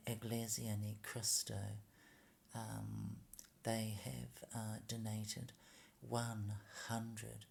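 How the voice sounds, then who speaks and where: Slow gravelly man rambling sarcastically. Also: fairly low pitch, darkish tone, a little hiss or hum. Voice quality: halting, full of ums and mock slips.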